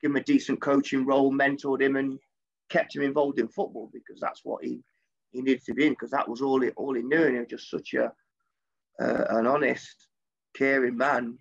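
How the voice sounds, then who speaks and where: A man's voice: medium pitch, level tone, normal speed, vocal fry. A man, a former footballer, telling a story in casual chat, swearing freely and jumping his voice up when he quotes himself. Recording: dull lo-fi recording.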